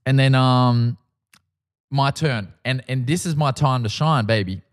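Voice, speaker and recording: Australian male podcast host, mid-pitched voice, lively, swearing, self-mocking yarn-teller. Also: a little slow, clear, resonant tone. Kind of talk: casual storytelling.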